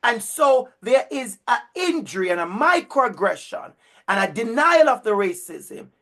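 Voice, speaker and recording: A man's voice: extremely high pitch, very animated, unhurried, sharp tone. A man with a Jamaican accent giving a university lecture to a cohort of future teachers. He drives points home with emphatic, preacher-like repetition.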